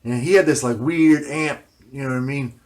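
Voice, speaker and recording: A man's voice: medium pitch, moderate pace, a little mellow. Middle-aged male host, loose rambling monologue, filler-heavy and profane. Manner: casual, constantly says "you know what I mean", swears freely. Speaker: video journal host.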